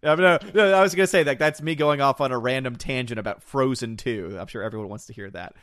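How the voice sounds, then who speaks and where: A chatty man in middle pitch, rambling through a casual podcast conversation. He laughs often and acts out his own thoughts in quotes. The sound is dry and close. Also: fast, fairly bright tone, dry recording. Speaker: podcast host reading chat. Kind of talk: casual chat.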